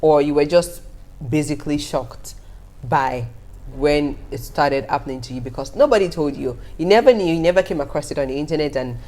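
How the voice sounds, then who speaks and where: A young woman, telling stories to her viewers in a casual vlog with an animated, laughing manner. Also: deep voice, a little fast. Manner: animated, laughing often, talking straight to viewers. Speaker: vlogger. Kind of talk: casual storytelling to camera.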